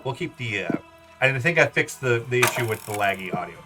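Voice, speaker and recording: A man's voice: medium pitch, animated, fairly quick, music in the background. A man casually commenting on a game stream, rambling and laughing often.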